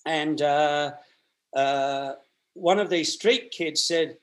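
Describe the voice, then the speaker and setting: A man's voice: fairly high pitch, slow, fairly bright tone. A man, telling long stories as an interview guest and often restarting and repeating his words. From Australia. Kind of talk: storytelling in a conversational interview.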